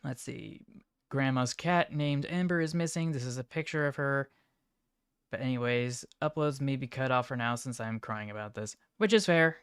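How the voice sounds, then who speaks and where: A man livestreaming, reacting to chat images in an offhand, mumbling way with sudden excited outbursts. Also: mid-range voice, normal speed, clear, resonant tone, no room sound, clean studio sound. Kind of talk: casual live-stream commentary.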